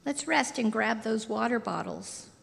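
A woman preaching a sermon in a slow, deliberate, softly intimate way. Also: on the high side, lively intonation, gravelly. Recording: reverberant hall.

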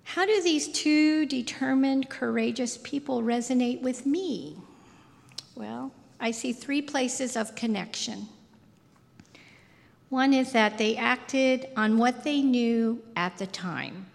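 Woman preacher, slightly high, gravelly, unhurried, long hall reverb. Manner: slow, deliberate, soft intimate delivery. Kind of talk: sermon.

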